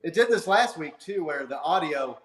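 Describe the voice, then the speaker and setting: A man's voice: fairly high pitch, animated, normal speed, a bit bright. A man hosting a casual sports podcast over a video call, rambling with fillers and restarts. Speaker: podcast host. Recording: echoey room sound.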